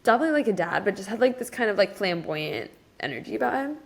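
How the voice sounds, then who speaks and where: Animated young woman telling a story. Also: mid-range voice, fast talker, vocal fry. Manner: animated, lots of "like" fillers, voice jumps up when quoting people. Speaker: podcast co-host. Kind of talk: casual storytelling chat.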